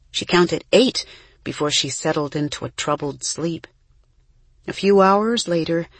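Husky, gentle audiobook narrator. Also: medium pitch, no room sound. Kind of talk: scripted narration of a children's novel.

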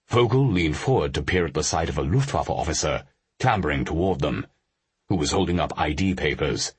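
Very deep, husky male narrator. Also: expressive, brisk, dry recording. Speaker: audiobook narrator. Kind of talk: scripted narration.

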